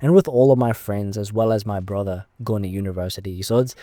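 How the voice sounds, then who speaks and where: A man's voice: on the low side, fairly quick, warm tone, no room sound, studio quality. A man in his twenties talking off the cuff in a casual, rambling monologue, recorded inside his car. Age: 20s. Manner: unscripted, rambling, thinking aloud. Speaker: YouTuber.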